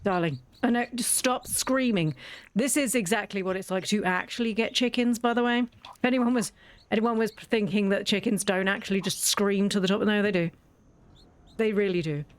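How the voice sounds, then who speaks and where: Woman, casual let's-play commentary, wry, self-mocking, coos at her game animals, mid-pitched voice. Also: fairly even intonation, a little fast. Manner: chatty, talks fondly to her game animals. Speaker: gaming video creator.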